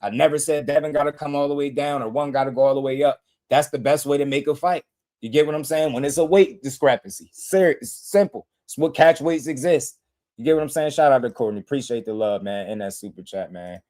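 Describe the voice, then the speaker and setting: A man's voice: medium pitch, fairly quick, darkish tone. Emphatic man hosting a boxing livestream. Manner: emphatic, repetitive, slangy, reads super chats aloud. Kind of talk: casual livestream commentary.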